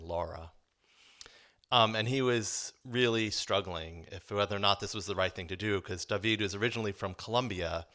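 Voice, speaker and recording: Male storyteller, deep voice with a bright edge, thoughtful and earnest, live personal story. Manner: reflective, earnest, many um fillers.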